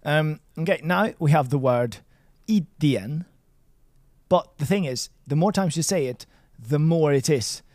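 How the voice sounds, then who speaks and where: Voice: medium pitch, expressive, a little slow, a little mellow, dry recording, studio quality. A language teacher leading a one-on-one lesson, patient and playful, drilling words by repeating them.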